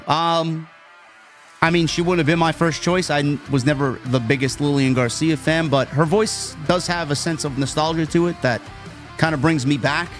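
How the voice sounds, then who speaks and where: Laid-back man reading chat messages. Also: a little high. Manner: reads viewer messages and jokes slowly, laid-back. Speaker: podcast co-host reading super chats. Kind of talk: casual chat.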